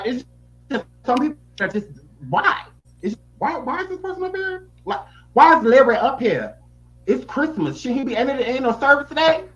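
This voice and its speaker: A man's voice: high-pitched, fairly bright tone, highs cut off, slight background noise. A man giving blunt, sassy and profane reaction commentary. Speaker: YouTube commentator.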